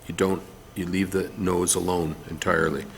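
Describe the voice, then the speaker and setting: A man with a low voice and flat delivery teaches a drawing tutorial, walking through a face step by step as he draws, using some fillers. He speaks at a moderate pace with slight background noise.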